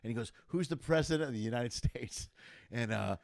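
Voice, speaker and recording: A middle-aged comedian, chatting casually as a guest, tells a story animatedly and acts out the voices of its characters. His mid-range voice is brisk and creaky, captured in studio quality without echo.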